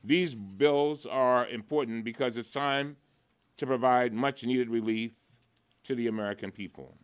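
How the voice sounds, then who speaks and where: A man speaks at a press conference as a lawmaker, pressing his case with fervor and repeated phrases. His voice is smooth and resonant, set at an ordinary middle pitch. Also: unhurried. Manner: impassioned, rhetorical repetition. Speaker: congressman.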